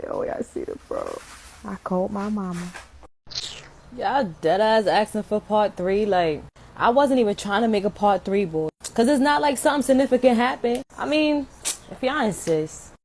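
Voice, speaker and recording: A young woman telling a personal story about her child to a phone camera, in a casual, animated and profane storytelling manner. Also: medium pitch, normal speed, a little hiss or hum. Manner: animated, profane, dramatic retelling.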